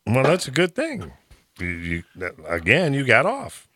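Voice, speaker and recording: Bright-voiced male talk show host. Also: mid-range voice, wildly swooping pitch, unhurried, dry recording, clean studio sound. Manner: brief reactions and short follow-up questions. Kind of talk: casual chat.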